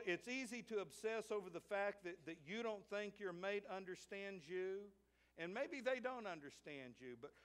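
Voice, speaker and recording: Folksy Southern pastor preaching a sermon. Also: male voice, high-pitched. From United States. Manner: folksy storytelling, repeats words when starting sentences. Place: church sanctuary.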